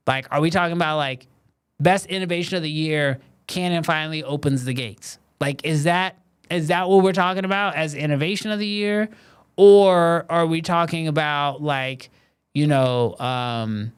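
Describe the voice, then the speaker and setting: Man, live stream host, casual chat with viewers, smooth clear voice, relaxed, lots of fillers. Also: fairly high pitch. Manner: relaxed and conversational, many fillers like "um" and "like".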